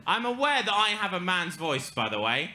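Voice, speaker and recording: Deadpan nasal English comedian, bright tone. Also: male voice, high-pitched, normal speed. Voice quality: nasal and monotone. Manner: deadpan, self-deprecating, wry. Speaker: stand-up comedian. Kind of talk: stand-up storytelling. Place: live storytelling stage with audience.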